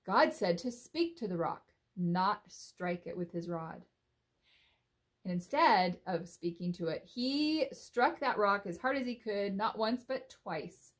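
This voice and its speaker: A woman telling a Bible story to children in an animated, expressive way, often asking her listeners questions. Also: mid-range voice, slow.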